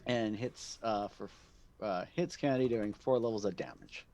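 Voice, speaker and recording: A man narrating as game master of a tabletop role-playing game, speaking haltingly with many ums and restarts. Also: on the low side, a little mellow, slight background noise.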